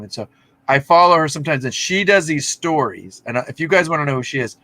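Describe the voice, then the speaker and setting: A man's voice: a little high, expressive, quick pace, sharp tone, no echo. A man from Texas hosting a casual video-call chat, a rambling storyteller who acts out the voices of the people he quotes. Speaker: host.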